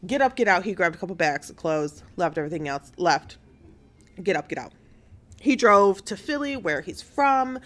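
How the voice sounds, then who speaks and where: A woman's voice: on the low side, fairly bright tone. A young woman hosting a casual online news show, retelling a story animatedly and acting out the quotes with plenty of swearing.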